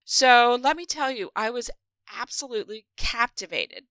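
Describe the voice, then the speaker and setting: A woman co-hosting a podcast, chatting casually as an animated storyteller. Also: fairly high pitch, moderate pace, no echo. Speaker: podcast co-host. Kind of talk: casual podcast chat about a book.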